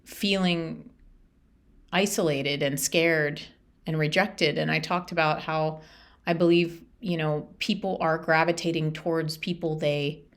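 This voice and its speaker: A woman with a somewhat low-pitched voice hosts her own podcast and talks through a personal story. She speaks earnestly and casually, circling back and restarting her sentences as she reflects. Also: fairly even intonation, a little slow. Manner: earnest, chatty, many restarts and "like". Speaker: podcast host.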